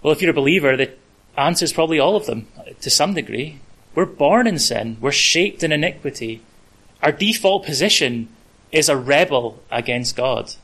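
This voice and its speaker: A man's voice: fairly high pitch, lively intonation, normal speed, fairly bright tone, low-quality recording. A man preaching a conversational sermon, with casual asides and the odd filler.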